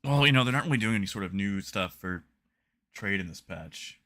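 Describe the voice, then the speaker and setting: A man's voice: lowish voice, expressive, brisk, sharp tone. A young man streaming a video game, chatting casually with his viewers and reading patch notes aloud with dry, wry jokes. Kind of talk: casual live-stream chat.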